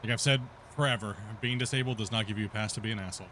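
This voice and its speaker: A man's voice: on the low side, racing, a bit bright, a little hiss or hum. A man hosting a gaming stream, chatting casually over voice chat and laughing often. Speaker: stream host.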